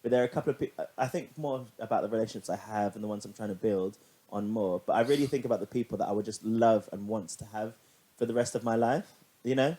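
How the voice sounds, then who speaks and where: Podcast co-host, young man, rapid and lively casual chatter with easy swearing. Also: fairly low pitch. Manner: animated, laughing, swears casually. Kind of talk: casual chat.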